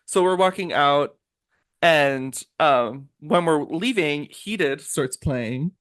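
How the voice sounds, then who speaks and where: A young man co-hosting a pop music podcast, telling a story in a lively, animated way with big swings in pitch. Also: takes it slowly. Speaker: podcast co-host. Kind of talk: casual chat.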